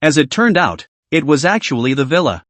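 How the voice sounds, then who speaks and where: A man narrating a story with a somewhat high voice and lively pitch. He reads in a plain storytelling manner. The sound is dry and close to the mic. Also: a little fast, no room sound.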